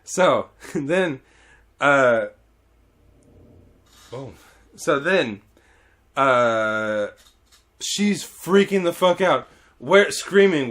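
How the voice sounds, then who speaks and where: A man hosting a podcast, telling a story in casual chat, animated, laughing often and swearing freely. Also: medium pitch, drawn-out words, pauses often.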